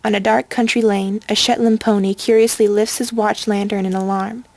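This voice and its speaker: Calm woman reading a story aloud. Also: mid-range voice, normal speed, no echo. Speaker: audiobook reader. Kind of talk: fan story narration.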